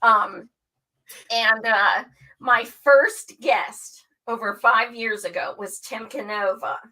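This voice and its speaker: A woman's voice: fairly high pitch, takes it slowly, rough recording. A woman who hosts a show, telling her story in casual chat, candid and full of swearing. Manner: candid and profane, animated storytelling. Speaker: show host.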